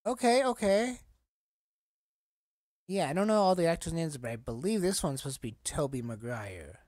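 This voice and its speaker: Man, casual collector vlog, halting and emotional, lots of fillers, dry close mic. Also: a little high, sing-song, darkish tone, dry recording. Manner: halting, emotional, choked up at times; rambling commentary with many fillers. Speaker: collector vlogger.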